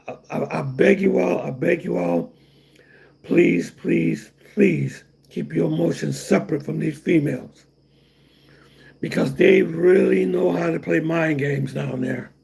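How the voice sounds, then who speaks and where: A man's voice: fairly high pitch, creaky, a little mellow, breathy edge. A middle-aged man hosting a casual livestream, rambling and repeating himself while answering chat comments. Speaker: livestream host.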